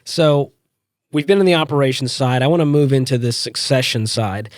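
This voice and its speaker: A man's voice: mid-range voice, normal speed, no echo, studio quality. Affirming male interview host. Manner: affirming, steers with short questions. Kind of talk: conversational interview questions.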